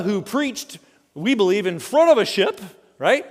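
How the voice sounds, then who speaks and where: A man preaching a sermon as pastor, animated and storytelling, often asking the congregation questions. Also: high-pitched, measured pace. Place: church sanctuary. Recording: long church hall reverb.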